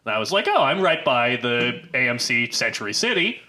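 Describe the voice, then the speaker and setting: A man's voice: mid-range voice, big pitch swings, fairly quick, sharp tone. A man co-hosting a film podcast in casual chat, rambling with many fillers and restarts. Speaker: podcast co-host.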